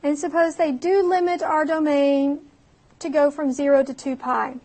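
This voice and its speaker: Woman, math teacher, high voice, chatty, talks through each step. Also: flat delivery, moderate pace, warm tone. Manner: chatty, laughs at herself, talks through calculator steps. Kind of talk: recorded math lecture.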